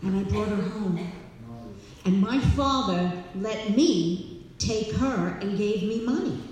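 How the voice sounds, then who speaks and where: A woman sharing her personal recovery story with an audience, warm and animated, laughing and repeating herself as she talks. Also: medium pitch, slow. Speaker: speaker at a recovery meeting. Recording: echoey hall, distant mic.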